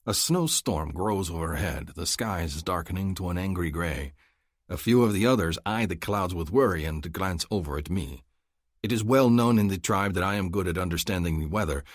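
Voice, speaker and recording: A man narrating a romance audiobook in the first person, measured and earnest. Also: low voice, breathy edge, dry recording, clean studio sound.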